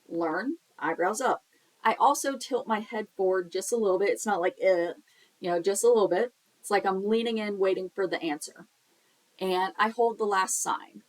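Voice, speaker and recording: A woman's voice: medium pitch, poor audio. A young woman teaching a sign language lesson in a casual, chatty way, explaining with examples and the occasional filler.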